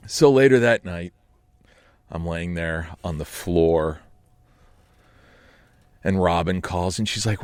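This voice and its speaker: A man's voice: low voice, measured pace, pauses often, darkish tone, no room sound. A man telling a comic story in a radio studio, in a theatrical, self-mocking way. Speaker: storyteller guest.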